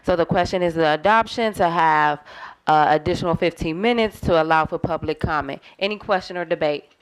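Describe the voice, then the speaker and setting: Businesslike woman meeting chair, lowish smooth voice, calls the roll. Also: fairly quick.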